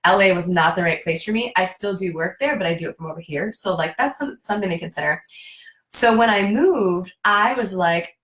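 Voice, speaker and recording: A woman's voice: mid-range voice, lively intonation, a little fast, fairly bright tone. Effusive woman guest in a roomy echo. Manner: effusive, acts out her own quoted thoughts. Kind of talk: casual conversation.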